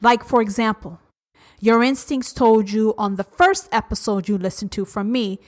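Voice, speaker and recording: A woman around forty hosting a solo podcast, blunt and profane, ranting at her listeners and swinging between loud and hushed. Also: fairly high pitch, normal speed. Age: 40s. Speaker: podcast host. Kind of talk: uncensored solo podcast rant.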